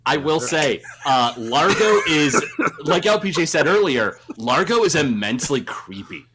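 A man's voice: a little high, very animated, a little slow, crowd noise. A man musing on a movie in a casual podcast chat, hesitant and full of fillers. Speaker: podcast co-host.

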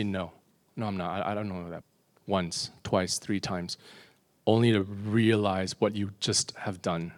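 A lowish-voiced preacher delivers a confessional sermon, asking the congregation rhetorical questions. He slows and speaks more quietly whenever he reaches a solemn point.

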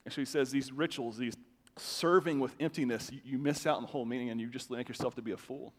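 A man preaching a sermon to his congregation, talking in a loose, conversational way with quick restarts. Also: mid-range voice. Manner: conversational, animated, with stammered restarts. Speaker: pastor. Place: church sanctuary. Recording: long hall reverb.

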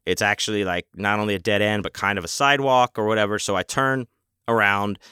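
Profane, rambling man with a smooth low voice. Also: steady tone, brisk, pushed and bright, no room sound, clean studio sound. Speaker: convention vendor telling a story. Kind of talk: casual storytelling.

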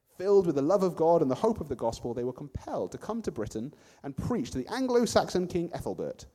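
A man's voice: fairly high pitch, big pitch swings, fast talker, mellow, voice pushed up. A man voicing a friendly, chatty angel who speaks earnestly and with enthusiasm.

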